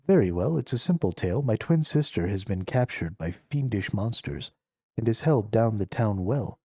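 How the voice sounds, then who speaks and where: A dramatic young woman quest giver, pleading one moment and bossy the next, as a man puts her on. The voice is raised above a low, mellow base and sounds dry and close. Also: expressive, moderate pace, dry recording. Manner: dramatic, demanding.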